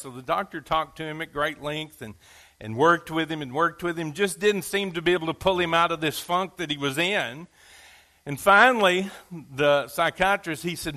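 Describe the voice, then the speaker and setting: Male pastor, sermon; high, bright voice, folksy storyteller with asides. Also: normal speed.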